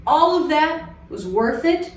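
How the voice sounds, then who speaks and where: A woman's voice: high-pitched, big pitch swings, slow pace, far from the mic, slight background noise. A woman in her thirties hosting a casual product demo in a music shop, joking and poking fun at herself. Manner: joking, self-deprecating. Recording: roomy shop, voice away from mic. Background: guitar playing.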